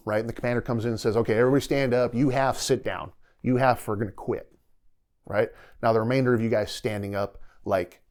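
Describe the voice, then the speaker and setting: A middle-aged man, a retired soldier, telling his story as a podcast guest in a casual, animated way, acting out what others said and laughing often. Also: fairly low pitch. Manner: animated storyteller who acts out quoted dialogue and laughs often.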